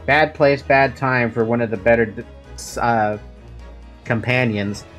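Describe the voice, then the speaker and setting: A streamer giving casual let's-play commentary, with giggly, animated asides. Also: medium pitch, unhurried, faint music behind.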